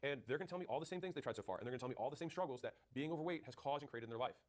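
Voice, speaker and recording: A man's voice: medium pitch, animated. A man coaching on sales in a punchy, direct way, acting out both sides of sales calls and answering questions. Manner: rapid, punchy, acts out sales dialogue. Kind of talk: fast sales coaching talk.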